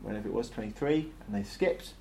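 A man's voice: lowish voice, animated, quick pace, creaky, dark tone, slight background noise. A man giving a conversational sermon full of ums and uhs. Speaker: preacher.

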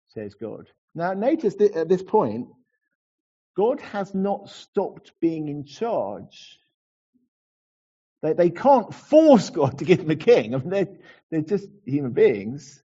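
A man delivers a relaxed, conversational sermon, stumbling over the odd word as he goes. His voice is warm and slightly husky and sits a touch higher than usual, and the recording sounds dull and muffled. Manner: conversational, with frequent restarts and acted asides. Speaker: preacher.

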